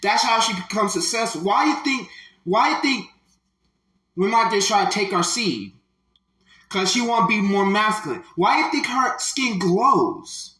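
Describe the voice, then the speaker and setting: A man giving slow, emphatic, preachy commentary on a clip, repeating his phrases. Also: sits high, expressive, sharp tone, reverberant, poor audio.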